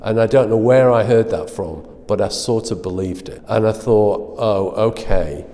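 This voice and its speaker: A man's voice: lowish voice, moderate pace, warm tone, big-room sound. A middle-aged man telling self-deprecating stories as an interview guest, laughing at himself as he goes. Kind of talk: anecdotal storytelling.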